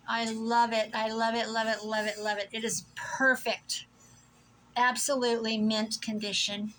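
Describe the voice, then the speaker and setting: A woman's voice: on the high side, level tone, a little slow, fairly bright tone, a little hiss or hum, low-quality recording. A middle-aged woman from Iowa chatting casually to camera about her thrift finds, gushing and rambling. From Iowa, USA. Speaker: thrift vlogger. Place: home room.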